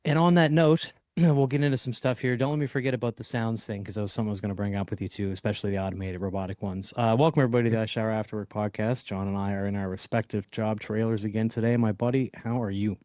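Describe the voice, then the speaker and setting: Low-voiced chatty man, dry sound. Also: fairly even intonation, quick pace, few pauses, darkish tone, no room sound. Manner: chatty, rambling, joking. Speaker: podcast co-host. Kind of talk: casual chat. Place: job trailer.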